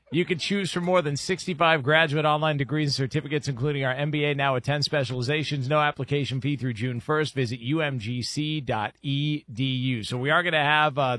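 A man's voice: a little high, pushed and bright. A man hosting a sports radio show, reading sponsor copy and teasing upcoming segments in an upbeat announcer manner.

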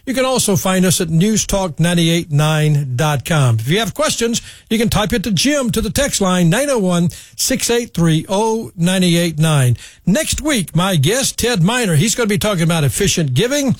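A man's voice: high-pitched, lively intonation, moderate pace, no echo. A man hosting a radio talk show, chatting with guests and reading out credits. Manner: friendly, reads phone numbers and credits.

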